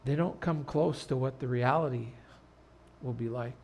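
In a church sanctuary, a male pastor delivers an earnest sermon, growing loud and dramatic when he tells a story. His voice is mid-range at a moderate pace, with slight background noise.

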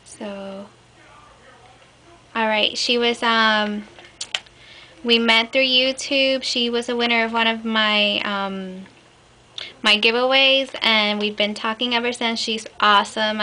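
A woman's voice: on the high side, bright, forceful tone. A woman chatting casually to her viewers as she opens a package, gushing and enthusiastic with frequent fillers. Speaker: crafting vlogger. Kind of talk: casual unboxing chat. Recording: clear background noise.

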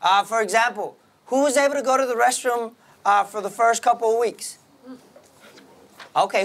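A man teaching a military classroom lesson, brisk and commanding, often checking in with the class. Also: sits high, a bit bright. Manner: brisk, commanding, keeps asking the class "right?". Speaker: military instructor. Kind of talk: classroom lecture.

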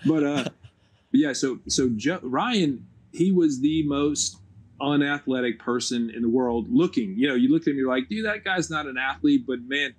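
A man's voice: medium pitch, moderate pace. A man, a former Navy SEAL guest, telling profane, funny stories from his service in a casual chat. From United States. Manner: profane, laughing storyteller. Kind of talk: casual storytelling.

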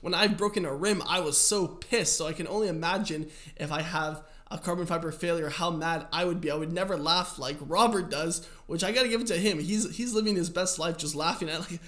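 Man, cycling channel host, reaction commentary, slightly higher voice, chatty, amused. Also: normal speed, hardly any pauses, fairly bright tone.

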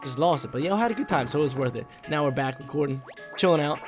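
A young man, a little hoarse, giving laid-back, slangy gameplay commentary with excitable bursts. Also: a little high, rapid-fire, soft background music.

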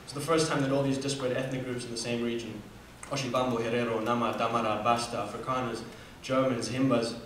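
A man's voice: mid-range voice, little pitch movement, fast talker, hardly any pauses, a bit bright, a little hiss or hum. A young man from Namibia telling a personal story as a student speaker, earnest, with fillers and restarts. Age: 20s. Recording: echoey hall from far off.

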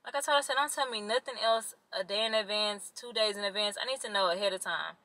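A woman's voice: medium pitch, fast talker, bright, forceful tone, no room sound, poor audio. A young woman, chatting casually to the camera in a vlog and complaining to her viewers. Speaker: vlogger.

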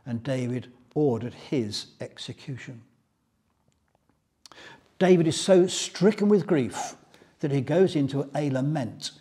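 Husky man teaching a Bible study. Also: medium pitch, expressive, slow, pauses often, warm tone. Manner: storytelling, reading scripture aloud.

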